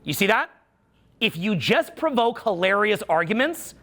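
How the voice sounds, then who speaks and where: Man, social skills coach, high-ish voice, bright, teasing, live seminar talk. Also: big pitch swings, brisk. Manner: playful, teasing banter with volunteers. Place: seminar room with audience.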